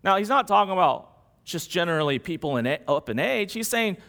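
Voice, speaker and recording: A male pastor delivers a sermon in a high voice that rises and falls dramatically. He keeps it conversational and peppers it with rhetorical questions. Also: big pitch swings, brisk, creaky, fairly bright tone.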